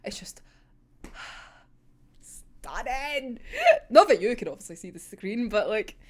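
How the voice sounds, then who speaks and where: A woman's voice: mid-range voice, lively intonation, slow. A young woman chatting through a manga chapter in a gushing, giggly, sweary way, as a casual fan reviewer.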